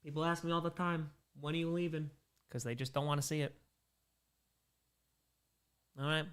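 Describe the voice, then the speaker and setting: Joking male livestream host, smooth voice. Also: on the high side, steady tone, normal speed, a bit bright. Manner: joking, in-character banter as a made-up persona. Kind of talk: casual livestream chat, reading donations.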